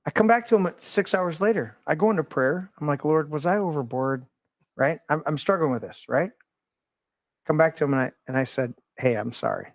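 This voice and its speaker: A man hosting a casual conversation, telling animated stories and swearing freely. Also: fairly high pitch, fairly quick, no room sound, studio quality. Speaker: podcast host.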